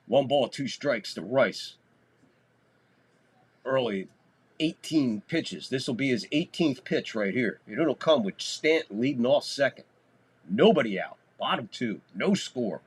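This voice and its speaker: A man with a mid-range voice and a breathy edge hosts a live baseball stream. He talks loosely through casual play-by-play, swears freely, and turns loud on big plays.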